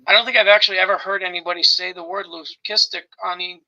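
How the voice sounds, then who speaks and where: A man chatting casually as co-host, laughing often and ranting excitedly through his stories. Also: high-pitched, quick pace, rough recording. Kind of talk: casual chat.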